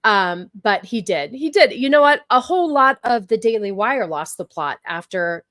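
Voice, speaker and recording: Woman host reacting to chat on a stream, slightly high, dry close recording. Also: lively intonation, normal speed, a bit bright, no room sound. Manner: talks back to chat, many fillers and repeats. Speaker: livestream host. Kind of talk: casual livestream commentary.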